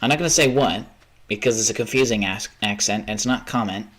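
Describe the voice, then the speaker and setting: A man's voice: fairly low pitch, fast talker, a bit bright, slightly rough. A tired young man rambling and swearing casually while he plays a game on a livestream. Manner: rambling, chatty, swears often, trails off. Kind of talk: casual gaming stream chat.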